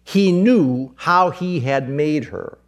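A middle-aged male pastor preaching with fervour, his voice fairly high for a man. He repeats his phrases for emphasis and climbs to excited, soaring peaks before dropping back to a quiet, earnest tone. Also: takes it slowly. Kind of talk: sermon.

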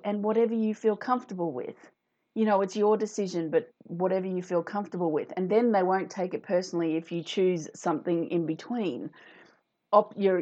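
Female host, low-pitched, chatty live-stream style, dull lo-fi sound. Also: warm tone. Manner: chatty, reads out viewer comments. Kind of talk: casual talk to viewers.

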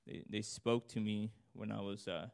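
A preacher with a lowish, creaky, clean-toned voice speaks at normal speed with fairly even intonation. He reads scripture aloud and talks it through in an informal, earnest sermon, his voice rising when he stresses a point.

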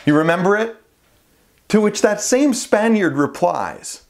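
A man's voice: high-pitched, animated, a little slow, vocal fry. A man preaching a sermon as pastor, earnest and conversational with playful asides.

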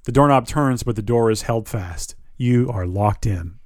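A man's voice: medium pitch, a little slow, dry recording, clean studio sound. A man reading a choose-your-path book aloud, dropping casual asides between passages. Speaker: reader.

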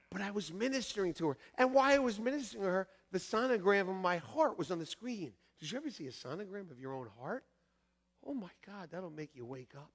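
Male pastor, middle-aged, storytelling sermon; high, lively voice with gravel, long hall reverb. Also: fairly quick. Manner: animated, acts out voices with shouts and laughs. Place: church sanctuary.

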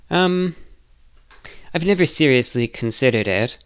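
A man's voice: mid-range voice, steady tone, unhurried, smooth. A man answering viewer questions in a casual, rambling monologue, hesitant and self-reflective.

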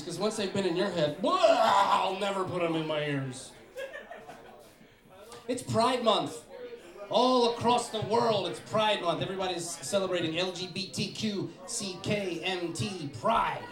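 A man performing a crude, sarcastic stand-up set in a small venue. His voice sits high, and the room is echoey with crowd sound throughout. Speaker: stand-up comedian. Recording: echoey club with live crowd.

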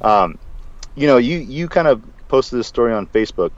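A man co-hosting a podcast in casual chat, rambling and animated, with many restarts. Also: medium pitch, normal speed, dry recording. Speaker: podcast co-host. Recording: dull, lo-fi sound.

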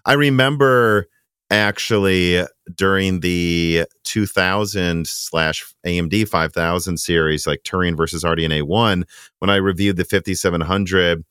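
Relaxed Midwestern man, deep and dry. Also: measured pace, clean tone, no echo. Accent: Midwestern American. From Minnesota. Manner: relaxed, chatty, reads questions aloud. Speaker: podcast co-host reading listener questions. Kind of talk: casual tech podcast chat.

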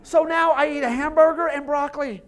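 A man preaching a sermon as lead pastor, animated and joking, acting out little voices and laughing along. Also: very high-pitched, a little fast, crowd noise, noisy background.

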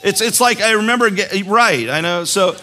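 A man giving a casual sermon as a youth speaker, telling animated stories with jokey asides. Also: high-pitched, normal speed. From West Virginia.

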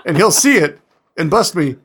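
A man's voice: sits high, moderate pace, a little hiss or hum. A man co-hosting a casual chat podcast, telling stories with lots of laughter and acted-out quotes. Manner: animated, laughs often, acts out quoted voices. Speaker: podcast co-host.

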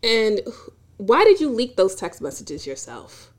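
A woman co-hosting a casual podcast, talking candidly and cursing freely. Her pitch swings widely as she acts out quoted reactions, and her delivery is lively and unfiltered. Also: unhurried. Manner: candid, profane, animated storytelling. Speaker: podcast co-host. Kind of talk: casual chat.

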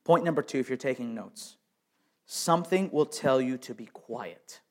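Animated and at normal speed, a medium-pitched pastor delivers a forceful sermon. He moves from soft, intimate moments to loud passages and frequently restarts, repeating words.

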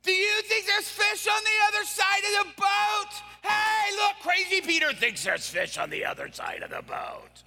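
A man voicing a crew of fishermen who shout and jeer from the shore. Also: very high-pitched, sing-song, moderate pace, creaky, few pauses, big-room sound, soft background music, pitched above the performer's own voice, exaggerated voice. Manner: jeering, shouting, laughing. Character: mocking rowdy fishermen on the shore.

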